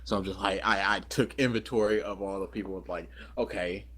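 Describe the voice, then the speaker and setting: A man's voice: low voice, fairly even intonation, a little fast, fairly bright tone, slightly rough. A man co-hosting a podcast, chatting casually and telling a rambling story full of fillers and self-corrections. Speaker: podcast co-host.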